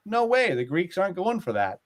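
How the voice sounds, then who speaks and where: A man retelling old myths in a casual, animated way, with lots of filler words, as a podcast host. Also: sits high, a little fast. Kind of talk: casual storytelling chat.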